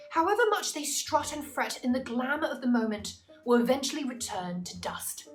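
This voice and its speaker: A woman tutor explains a text in a measured, analytical way, and she slows down on the terms she wants to stress. Her fairly high voice rises and falls widely, with soft music underneath. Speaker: English literature tutor. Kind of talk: scripted explanatory narration.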